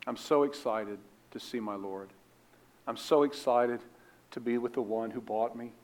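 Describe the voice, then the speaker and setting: A man quoting a frail, joyful elderly woman facing death, in a quiet, tired, lowered voice. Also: brisk, lightly acted, rough recording. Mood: quietly joyful.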